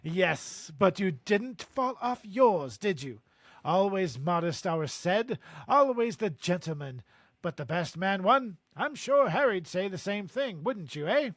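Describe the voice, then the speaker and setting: A man's voice: high voice, a bit bright, no echo, exaggerated voice. A man voicing a boastful, proud middle-aged wizard father who brags about his son in a hearty way.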